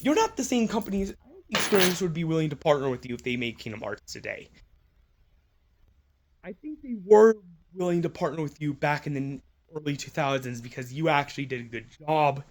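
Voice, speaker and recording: A man's voice: on the high side, darkish tone. Ranting man, profane and mocking. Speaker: commentator. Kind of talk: ranting commentary. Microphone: phone.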